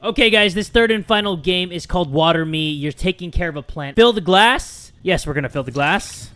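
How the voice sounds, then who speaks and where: A man giving comedic let's-play commentary, excitable and swearing, with loud outbursts. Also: high-pitched, a little fast, over music. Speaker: gaming video host.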